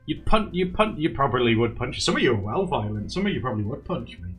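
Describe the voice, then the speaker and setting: A man's voice: mid-range voice, big pitch swings, fast. A young man hosting a casual livestream, chatting with viewers and reading their comments, laughing often. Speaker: livestream host. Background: faint background music.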